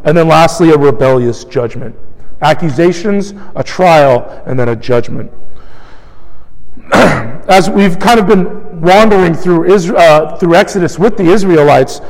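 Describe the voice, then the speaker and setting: A man preaches with a light, high voice and a chatty, animated delivery. He often slips into acting out the complaints of the people he quotes. His voice carries a long reverb from the church hall. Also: measured pace. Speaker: pastor. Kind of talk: sermon.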